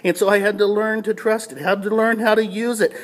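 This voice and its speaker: High-voiced man telling a devotional story. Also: fairly even intonation, a little fast. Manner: casual storytelling with repeated restarts. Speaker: pastor. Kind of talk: short devotional talk.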